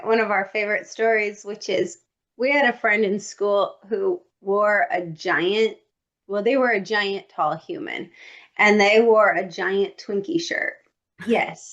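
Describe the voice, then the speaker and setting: A woman co-hosting a podcast, telling stories in a lively, comic, casual way with playful asides. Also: mid-range voice, muffled recording. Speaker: podcast co-host. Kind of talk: casual storytelling chat.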